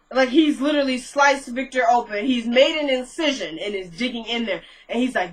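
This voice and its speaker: A woman's voice: on the high side, moderate pace, hardly any pauses, poor audio. A woman chatting casually to her viewers as she recaps a TV episode, thinking aloud and questioning what she saw.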